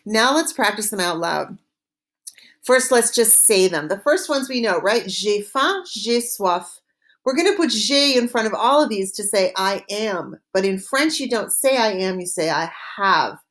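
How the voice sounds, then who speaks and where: A woman teaching a recorded French lesson, modeling phrases slowly and clearly for students to repeat. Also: medium pitch, lively intonation, fairly bright tone.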